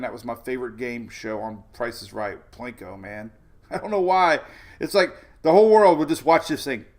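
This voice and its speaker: A man's voice: mid-range voice, a little mellow. A man hosting a casual weather livestream, walking through maps and rambling off topic in a chatty way. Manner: talks over weather maps on screen. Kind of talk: casual tropical weather briefing.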